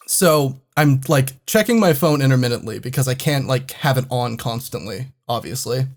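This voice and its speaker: A man's voice: medium pitch, expressive, normal speed, hardly any pauses. A man co-hosting a comedy podcast, telling a travel story in a rambling, profane, exasperated way. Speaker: podcast co-host.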